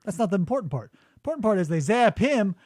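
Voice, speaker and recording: Man, podcast host, comedic storytelling, very lively pitch, dry close mic. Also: no echo. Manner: animated, jumps into quick voices and laughs a lot. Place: radio studio.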